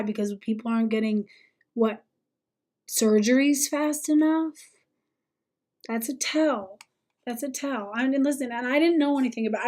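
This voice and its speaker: A woman's voice: fairly high pitch, a little mellow. Profane, mocking young woman streamer. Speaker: streamer reacting to a video. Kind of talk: casual reaction commentary.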